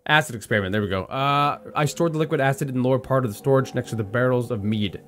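A young man giving excitable, swearing let's-play commentary while playing a horror game. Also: medium pitch, fast. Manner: hyper, swearing, joking, talking to the game. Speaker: gaming video host.

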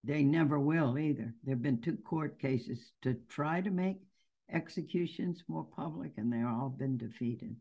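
Speaking at a measured pace, this interview guest, a nun and anti-death-penalty activist, has a deep voice with vocal fry and a breathy edge, and the highs are cut off. She makes her case through stories, earnest and emphatic.

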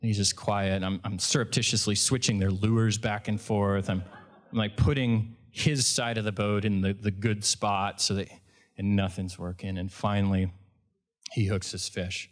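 A man's voice: lowish voice, steady tone, normal speed. A man, a fishing guide, telling a story at a live event in a conversational way, often restarting and correcting himself.

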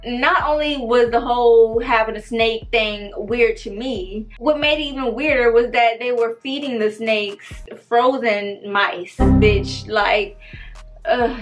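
A young woman, telling a story in a loud, animated, profane way. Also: a little high. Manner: animated, profane, dramatic retelling. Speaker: storytime vlogger. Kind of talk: casual storytime.

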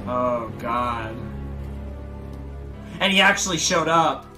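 A man's voice: medium pitch, animated, slow pace, bright, forceful tone, soft background music. A man hosting a reaction video, talking casually with laid-back muttered asides.

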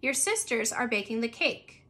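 A woman reading a calm, reassuring dad. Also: fairly high pitch, normal speed, full character voice. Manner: steady and soothing.

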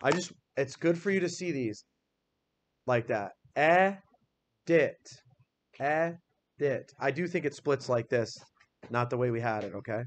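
A man's voice: medium pitch, lively intonation, a little slow, long pauses, slight background noise. A male teacher leading a classroom phonics lesson, patiently spelling words out letter by letter and quizzing students by name.

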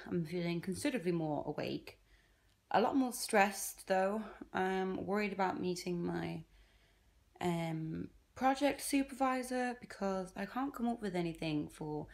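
A young woman chats to the camera in a loose, rambling vlog. Her voice sits a little low, and she pokes fun at herself. Now and then she trails off into a near-whisper. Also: expressive, measured pace, gravelly. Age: young adult. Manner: chatty, self-deprecating, rambling asides; drops to a near-whisper at times. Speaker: vlogger, university student. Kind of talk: casual vlog chat to camera.

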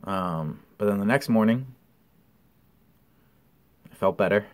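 A man talking casually straight to the camera, his voice sitting a little on the low side. He tells his story with plenty of ums and blunt, salty language. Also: takes it slowly, a little mellow. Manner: candid, profane storytelling with many ums. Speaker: vlogger. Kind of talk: casual recovery update.

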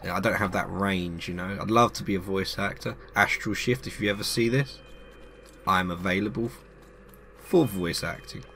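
A man's voice: low-pitched, steady tone, moderate pace, a bit bright, slight background noise. A man hosting a let's play, chatting casually and joking as he plays. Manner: chatty, joking, reads game text aloud. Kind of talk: casual gameplay commentary.

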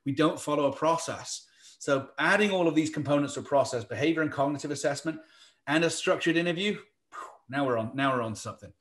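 A man with an English accent giving a fast-paced workshop talk on hiring, with quick joking asides. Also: a little high, fairly bright tone. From England. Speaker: workshop presenter. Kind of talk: live virtual workshop talk.

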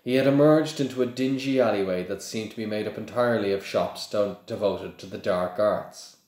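A man's voice: fairly low pitch, brisk, a little mellow. A man reading a novel aloud in a plain, unpolished way, with occasional slips and restarts. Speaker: reader. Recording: echoey room.

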